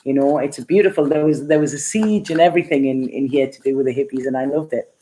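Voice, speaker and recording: A woman's voice: a bass voice, quick pace, warm tone, slight background noise. A middle-aged woman giving a casual live tarot reading and answering viewer comments, chatty and rambling, often laughing and using plenty of fillers. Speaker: tarot reader.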